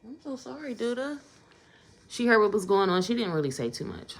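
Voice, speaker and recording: A woman's voice: mid-range voice, very animated, fairly quick. A woman telling a casual storytime vlog in a conversational way, getting emphatic in her asides.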